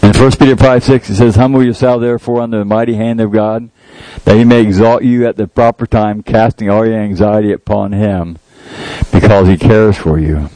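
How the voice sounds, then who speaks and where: A man's voice: on the low side, fairly even intonation, a little fast, dark tone, poor audio. A man giving an informal, folksy sermon, joking about himself and reading scripture aloud. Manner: folksy, jokey, laughs at himself, quotes scripture. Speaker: lay preacher.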